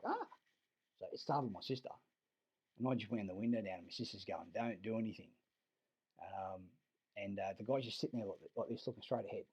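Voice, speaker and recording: A lowish, husky male voice with an Australian accent wanders through a casual monologue, swearing freely and doubling back on his words. The recording is dull and lo-fi, with the top end rolled off. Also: darkish tone. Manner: rambling and profane, many restarts.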